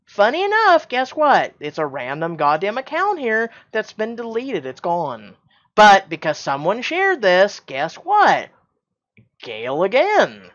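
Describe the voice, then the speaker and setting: A man's voice: high-pitched, huge pitch swings, unhurried, fairly bright tone, lo-fi sound. A man who hosts his own channel, speaking in a heated, defensive rant. He often repeats and stumbles over his words. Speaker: YouTube channel host.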